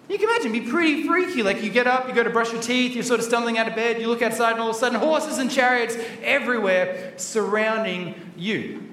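High-voiced playful man in a roomy hall. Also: expressive, a little fast, fairly bright tone, recorded from a distance. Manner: playful and chatty, acting out the story. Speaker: children's Bible talk presenter. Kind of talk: lively children's Bible talk. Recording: roomy hall with faint background noise.

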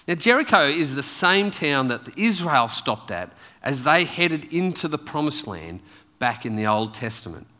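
A man preaching a sermon in a church, telling the story with lively, animated delivery. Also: mid-range voice, in a large hall.

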